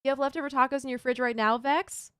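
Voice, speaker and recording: A woman's voice: high-pitched, fairly even intonation, fast, fairly bright tone, smooth, no room sound, clean studio sound. A woman streaming a building game, chatting casually and thinking aloud while she builds and reads chat. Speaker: Minecraft streamer.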